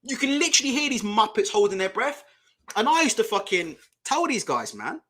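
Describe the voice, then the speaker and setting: Man, young adult, high voice, bright, live-stream host, blunt, swearing, laughing. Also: big pitch swings, fairly quick. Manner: blunt, swearing, laughs a lot while ranting. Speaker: boxing channel host. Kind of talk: casual live-stream chat.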